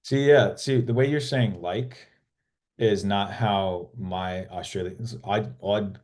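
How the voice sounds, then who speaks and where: Deep-voiced man chatting loosely. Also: a little slow, darkish tone. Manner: rambling, many restarts and swearing. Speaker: actor guest. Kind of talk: casual interview chat.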